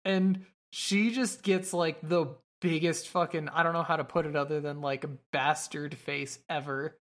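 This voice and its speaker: On a podcast, a woman co-host with a low-sitting voice recaps an anime episode in casual chat, her tone steady and her speed normal. She swears freely and acts out characters' lines in passing as she runs through the scenes.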